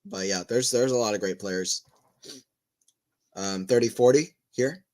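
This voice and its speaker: A man's voice: fairly low pitch, a little slow, a little mellow. A man giving casual live play-by-play tennis commentary, chatting and rambling between rallies and lifting his voice on big points.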